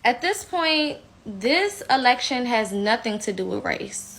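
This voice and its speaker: A woman's voice: fairly high pitch, big pitch swings, measured pace, gravelly, a bit bright. A woman giving heated, blunt opinion commentary, indignant and outspoken. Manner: slips into mocking impressions.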